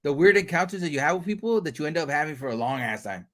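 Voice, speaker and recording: A man's voice: fairly high pitch, animated, fast talker, a bit bright. A man hosting a casual podcast chat, joking and teasing his guest with lots of swearing. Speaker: podcast host.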